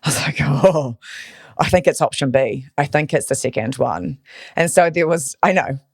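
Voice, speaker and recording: A woman from New Zealand, a podcast guest, telling a personal story in an animated, emotional way. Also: deep voice, normal speed, vocal fry, breathy edge. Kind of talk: storytelling in interview.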